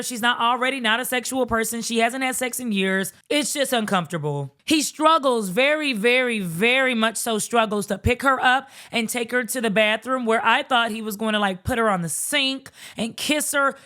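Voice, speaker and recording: Sassy woman recapper, bright, a bit high, blunt and profane, acts out quotes. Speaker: reality TV recap YouTuber. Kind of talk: casual comedic recap.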